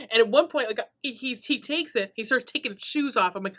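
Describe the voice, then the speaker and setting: A woman's voice: fairly high pitch, normal speed, hardly any pauses. Laughing, foul-mouthed woman podcaster. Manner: profane, laughing, animated storytelling. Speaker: podcast host. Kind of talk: casual movie recap.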